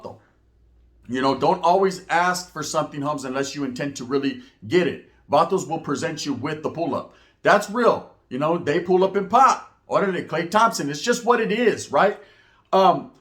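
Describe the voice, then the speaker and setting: A man from Northern California, talking to camera as a YouTuber in casual opinion commentary, animated and slangy, full of rhetorical asides. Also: high voice.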